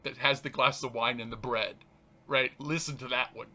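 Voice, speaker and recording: On his own program, a man who is a reverend reads spiritual writing aloud and talks about it. He restarts often, laughs a lot, and sounds animated but halting, at a medium pitch.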